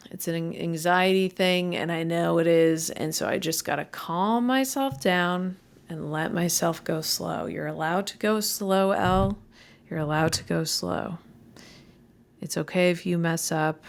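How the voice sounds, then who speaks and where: A lowish, gravelly voice belongs to a young woman comedian chatting casually on her own podcast. Her delivery stumbles and cracks, she's self-deprecating, and little things irritate her quickly.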